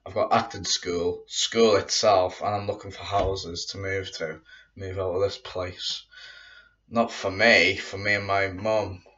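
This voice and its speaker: A man's voice: deep voice, flat delivery, a little slow, sharp tone. A man talking casually to his viewers in a home vlog, rambling and circling back with repeated fillers. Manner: rambling, repeats "but yeah, guys". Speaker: YouTuber saying goodbye to viewers. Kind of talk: casual vlog address to camera. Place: room at home. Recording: dull lo-fi sound, mic at a distance.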